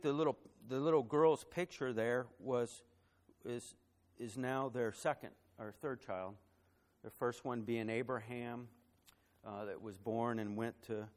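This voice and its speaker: A man delivers a sermon from the pulpit in a mid-range voice. He climbs in pitch and volume to stress his points, then sinks low and quiet. In the personal parts he stumbles over repeated words and fillers. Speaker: pastor.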